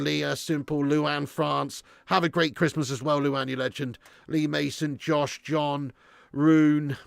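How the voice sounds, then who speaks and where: A man hosting a live stream, signing off with rapid viewer shout-outs, sweary and exasperated. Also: a little high, gravelly, dry recording, clean studio sound. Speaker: host. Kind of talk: live stream sign-off chat.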